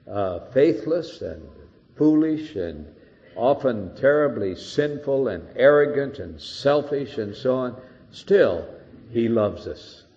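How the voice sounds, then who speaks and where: A man's voice: medium pitch, a little mellow, big-room sound. An older man preaching an earnest expository sermon, rising to emphatic peaks, on a dull old recording.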